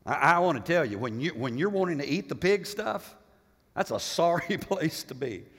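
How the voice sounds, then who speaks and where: A man preaching a sermon with emphatic repetition, swinging between loud passages and hushed ones. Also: on the high side, animated, moderate pace, breathy edge, big-room sound. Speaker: pastor.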